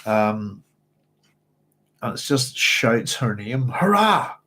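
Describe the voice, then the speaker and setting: Host, man, book-club livestream chat, dry scratchy throat, meandering and hesitant, mid-pitched. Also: normal speed. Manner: rambling, hesitant, with many fillers.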